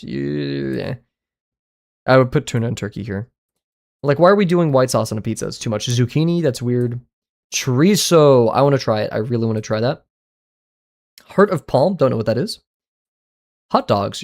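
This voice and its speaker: During casual livestream chatter, this man speaks at an everyday mid pitch with a somewhat dark tone. He's relaxed with his audience, tosses out blunt judgments casually, and is quick to say sorry.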